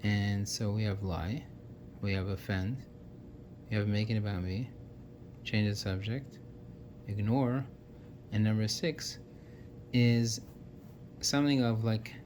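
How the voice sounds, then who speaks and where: A man's voice: lowish voice, fairly even intonation, measured pace, long pauses, darkish tone, a little hiss or hum. A man giving an earnest, casual talk that lists points one by one, with frequent restarts. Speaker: self-help speaker. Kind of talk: casual explanatory monologue.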